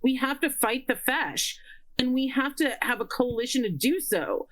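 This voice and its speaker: A woman co-hosting a casual political chat show, pausing often on fillers and restarts and ranting in frustration. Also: high-pitched, animated, a bit bright, rough recording. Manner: halting, full of fillers and restarts; exasperated ranting.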